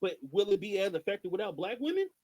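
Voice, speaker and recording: A man's voice: high-pitched, sing-song, quick pace, darkish tone, a little hiss or hum, rough recording. A man co-hosting a podcast, giving passionate political commentary with emphatic rhetorical questions. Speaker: podcast co-host.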